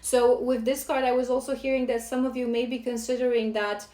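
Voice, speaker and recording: A woman's voice: on the high side, level tone, a little fast, warm tone, echoey room. A woman doing a spiritual tarot reading for her viewers, earnest and scolding by turns, with emotional asides. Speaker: tarot reader.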